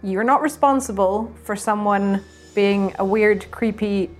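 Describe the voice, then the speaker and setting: A woman's voice: medium pitch, a little slow, faint music behind. Earnest woman player speaking in character. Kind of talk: in-character tabletop play.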